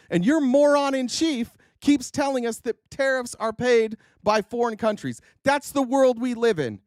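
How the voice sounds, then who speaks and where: A man with a notably high voice hosts a political live stream in a heated, sarcastic rant full of swearing. He keeps breaking off and restarting his sentences. The sound is close and dry, with no room in it. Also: no room sound. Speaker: political livestream host. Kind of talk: ranting political commentary.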